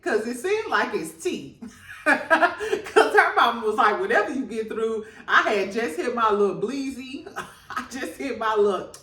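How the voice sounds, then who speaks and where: A woman recapping reality TV in gossipy, slang-filled casual chat, laughing through her lines. Her voice is fairly high and swings up and down. It sounds roomy and echoey, as if she sits a little away from the mic. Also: fairly bright tone, recorded from a distance.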